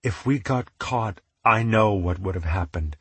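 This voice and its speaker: Earnest young hero, curious and anxious, read by a man low and husky. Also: unhurried, dry recording. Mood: unsure.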